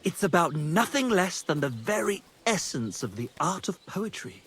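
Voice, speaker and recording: An actor playing a pompous, lovesick young poet in a video game, speaking theatrically and pedantically. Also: male voice, high-pitched, very animated, moderate pace, a bit bright, breathy edge, full character voice. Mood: haughty.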